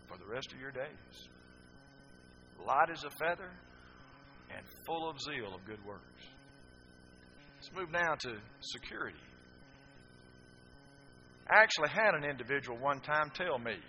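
Male preacher, sermon, very bright forceful tone, lively swooping delivery, loud then hushed. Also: a little high, slight background noise. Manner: emphatic, swinging from loud declarations to hushed drawn-out phrases. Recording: dull lo-fi sermon recording.

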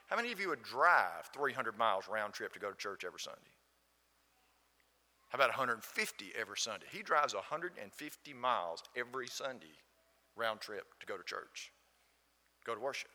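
A man's voice: mid-range voice, animated, brisk, pushed and bright. A man with a Southern accent from Alabama, preaching a sermon and telling a story, asking the congregation questions. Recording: long hall reverb.

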